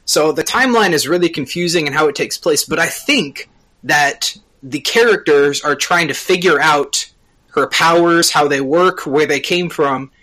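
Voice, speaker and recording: A man with a bright, forward tone and a voice pitched slightly above the usual male range. He talks through the story in relaxed podcast chat, and he stops often on small filler sounds as he explains. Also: normal speed, poor audio. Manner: explains at length with frequent uh fillers. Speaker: podcast co-host. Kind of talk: casual chat recapping a TV episode.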